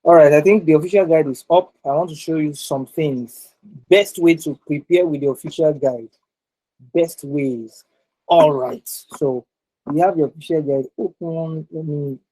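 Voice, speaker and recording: A man's voice: a little high, measured pace, warm tone, low-quality recording. An instructor running a live online exam-prep session, a man speaking over a video call. He circles back to repeat his key points. He keeps checking in with his listeners with "right?".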